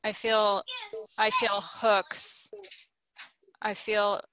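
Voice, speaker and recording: A woman taking part in a healing session, describing her feelings in a halting way and often restarting her phrases. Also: mid-range voice, fairly even intonation, highs cut off, background noise. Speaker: session participant. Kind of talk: halting personal account.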